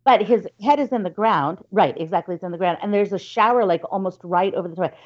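A woman's voice: medium pitch, quick pace, highs cut off. A woman telling a spooky family story in casual chat, with plenty of fillers and restarts, and acting out her relatives' lines. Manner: chatty, many fillers and restarts, acts out relatives' voices.

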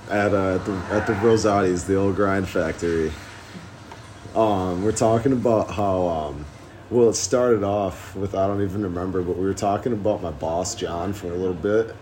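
Rambling young podcast host, high, low-voiced, cursing and laughing, noisy amateur recording. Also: male voice, a little mellow. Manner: rambling, profane, giggly stoner talk. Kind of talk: casual podcast chat.

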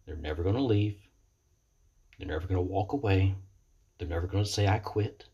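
Low husky man, earnest and halting. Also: warm tone, dull audio. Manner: earnest, halting, repeats words often. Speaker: person in recovery sharing experience. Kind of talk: reflective motivational monologue. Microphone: computer webcam mic.

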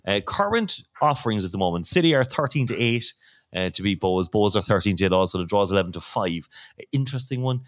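Guy hosting a footy pod, low voice, bouncy and animated, likes to wind people up. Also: fast. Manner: teasing, jokey. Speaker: podcast host. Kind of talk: casual podcast chat.

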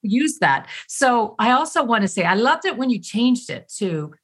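A woman hosting a podcast interview in casual talk. She is reflective and halting, and often restarts her sentences. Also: a little high, big pitch swings, fairly bright tone, breathy edge. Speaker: podcast host.

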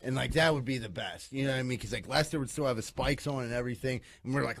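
A man's voice: medium pitch, rapid-fire, gravelly, fairly bright tone, no echo. A man in casual chat, chiming in with laid-back, profane anecdotes. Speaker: friend in conversation.

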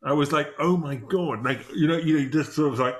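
A man's voice: on the high side, brisk. A middle-aged man hosting a casual interview, rambling with many restarts and fillers. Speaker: podcast host.

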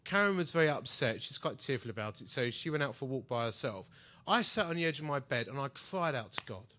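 A man preaching a sermon to a hall, telling personal stories in a lively way and acting out the voices of the people in them. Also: mid-range voice, fast. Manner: animated storytelling, acts out quoted voices. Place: large hall before an audience.

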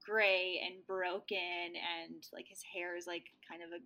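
A woman's voice: on the low side, flat delivery, unhurried, pushed and bright. A woman co-hosting a casual chat, gushing and rambling, leaning heavily on fillers.

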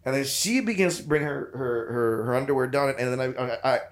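A man telling a raunchy road story in casual podcast chat, profane and animated, acting out the people he quotes. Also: medium pitch, fairly quick, echoey room. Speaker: podcast guest.

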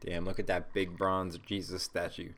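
Low-voiced, laid-back, profane podcast host. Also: male voice, completely flat delivery, moderate pace, a bit bright, slight background noise. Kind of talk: casual movie watch-along commentary.

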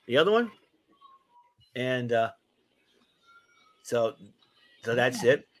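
A man's voice: medium pitch, big pitch swings, slow pace. A man co-hosting a podcast, chatting casually and rambling with plenty of fillers as he shows off a gadget. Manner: rambling, enthusiastic show-and-tell with many fillers. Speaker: podcast co-host. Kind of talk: casual chat.

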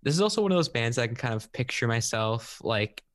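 A man's voice: mid-range voice, animated, quick pace, fairly bright tone, dry recording, studio quality. A man co-hosting a casual music podcast, searching for words and musing hesitantly with many ums and likes. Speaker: podcast co-host.

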